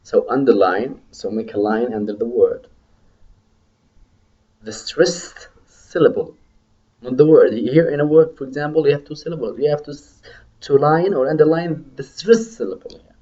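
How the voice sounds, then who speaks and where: A man teaching medical English in a recorded lecture, modelling numbers slowly for students to repeat after him. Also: medium pitch, expressive, mellow, dull audio.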